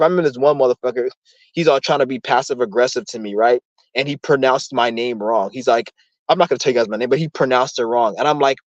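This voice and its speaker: A young man with a medium-pitched voice rants on his live stream in a heated, profane, rambling way as the channel's host. The audio is dull, with no room sound.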